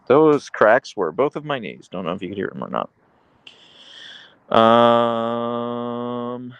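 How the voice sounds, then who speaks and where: A man chats casually on a live stream from his home, reading out viewer comments and rambling between them. His pitch moves around a lot as he talks. The sound is dry and close, with no room echo. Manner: reads chat aloud, chatty and meandering; baby talk to his dogs in high pitch. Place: home in Seattle.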